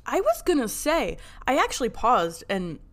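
A woman co-host with a fairly high, lively voice that moves a lot in pitch. She swings between easy chat and reading plot recaps as though from a script, friendly throughout. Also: moderate pace. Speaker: podcast co-host.

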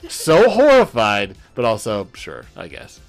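A man's voice: lowish voice, wildly swooping pitch, measured pace, vocal fry, soft background music. A man hosting a podcast, chatting casually and laughing, swearing now and then. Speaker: podcast host. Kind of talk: casual chat.

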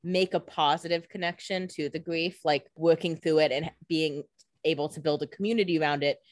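A woman's voice: low voice, fairly even intonation, no echo, studio quality. A woman co-hosting a podcast in casual chat, speculating and joking about a TV episode. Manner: chatty, speculative, quick to laugh. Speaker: podcast co-host.

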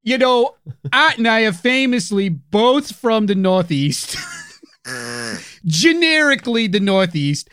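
A man's voice: high-pitched, very animated, a bit bright, clear, resonant tone, no room sound. Brash joking guy cohosting a comedy podcast, voice bouncing all over, dry sound. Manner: brash, jokey, rapid-fire silly banter. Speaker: podcast co-host.

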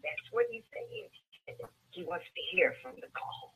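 Woman preaching a sermon, bright sharp voice, slow and drawn out, lots of repeating. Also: fairly high pitch, wildly swooping pitch, husky, low-quality recording. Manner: emphatic, repetitive preaching that draws congregation responses.

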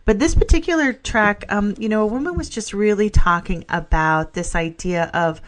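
On a relaxed spiritual podcast, a middle-aged woman co-hosts in a mid-range voice at a moderate pace. She sounds eager, laughs often, and keeps dropping in "you know."

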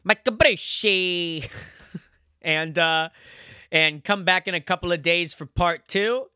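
A young man hosting a casual podcast, his voice bright and slightly high, with a dry, close sound. He talks loosely, swears freely and laughs often. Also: fairly even intonation, measured pace, clean tone, dry recording. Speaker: podcast host.

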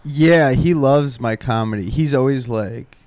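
A male comedian chatting on a podcast, rambling and cursing his way through family stories. His voice sits in an ordinary middle register, and he talks with lively, animated energy. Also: mid-range voice, a little slow. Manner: swearing, rambling, animated storyteller. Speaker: comedian guest. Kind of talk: casual podcast chat.

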